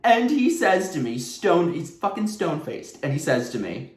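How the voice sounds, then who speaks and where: Lively sarcastic man in an echoey room. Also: sits high, normal speed. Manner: animated, sarcastic, laughing often. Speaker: vlogger. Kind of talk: casual storytime monologue. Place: at home. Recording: roomy echo.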